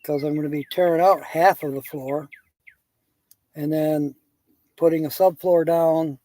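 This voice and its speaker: A man's voice: on the high side, fairly even intonation, a little slow, dark tone. A man hosting a live stream, rambling through casual chat and telling jokes while chuckling at them.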